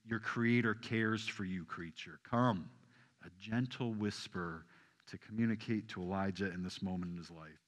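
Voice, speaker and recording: A man preaching a sermon to a congregation, asking them questions and swinging from loud emphasis down to soft, hushed lines. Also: fairly low pitch, in a large hall. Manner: animated, rising loud for emphasis then dropping soft. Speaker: pastor.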